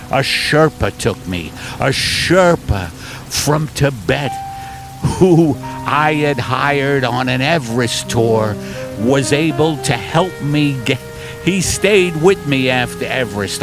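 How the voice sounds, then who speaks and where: An older man, a comedian hosting a podcast from a car, telling rambling absurd stories and jumping into shrill character voices. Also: gravelly. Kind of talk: rambling absurd comic storytelling.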